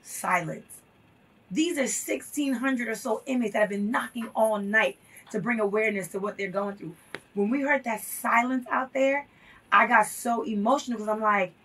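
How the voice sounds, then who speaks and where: Woman interview guest, husky, slightly high, impassioned, off-mic. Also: normal speed, a bit bright, distant mic. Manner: earnest, impassioned, repeats for emphasis. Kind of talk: emotional storytelling in an interview.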